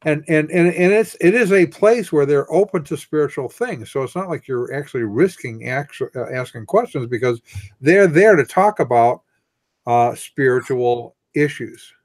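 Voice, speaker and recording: A man hosting a casual chat, often halting and repeating words as he starts a thought. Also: a little high, expressive, a little mellow. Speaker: host.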